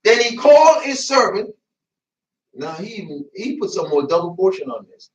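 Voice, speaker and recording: A man preaching a sermon in a church, lively and colloquial, laughing and breaking into asides. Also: high-pitched, normal speed, a little hiss or hum. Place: church sanctuary. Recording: echoey church, mic at a distance.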